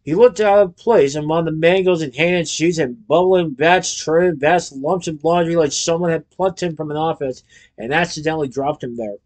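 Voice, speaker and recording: A man's voice: a little high, normal speed. Man reading a storybook. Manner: lively, expressive. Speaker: narrator.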